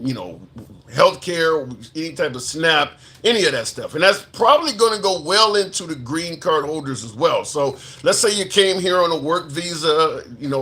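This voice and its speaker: A man's voice: fairly high pitch, bright, forceful tone. A man hosting a live political commentary stream, reading viewer comments and speaking indignantly, repeating phrases for emphasis.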